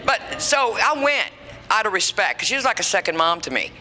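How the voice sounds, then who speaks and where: A brassy woman in her fifties works a comedy club stage, spinning bawdy stories with a lively, swooping delivery. Her voice carries a long club reverb over a steady bed of room noise. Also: mid-range voice, fairly quick. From Louisiana. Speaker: stand-up comedian. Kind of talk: stand-up comedy set.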